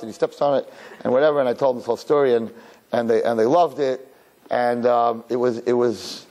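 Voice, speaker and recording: A man, a rabbi giving a storytelling sermon, who swings from soft, hushed asides to high, loud bursts when he acts out his own thoughts. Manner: conversational, repeats words, uses Yiddish and Hebrew terms. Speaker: rabbi giving a weekly Torah talk.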